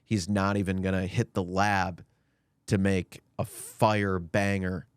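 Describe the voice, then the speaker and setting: A man co-hosting a podcast, riffing in a deadpan, mock-earnest casual chat. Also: low voice, slow pace, clear, resonant tone, no room sound, studio quality. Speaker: podcast co-host.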